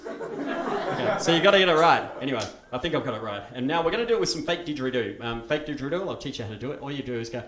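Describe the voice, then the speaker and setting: A man's voice: mid-range voice, rapid-fire. A man performing a playful comedy show, chatting with and leading a live audience. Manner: chatty, playful, lively and laughing. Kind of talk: live comic stage show with audience participation. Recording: echoey live stage recording with background noise.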